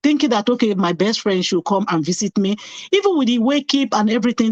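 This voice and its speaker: A woman's voice: fairly high pitch, expressive, quick pace, darkish tone, no echo, muffled recording. A middle-aged woman, a nurse, telling her personal story as an interview guest. She speaks animatedly, acts out past conversations and repeats phrases for emphasis.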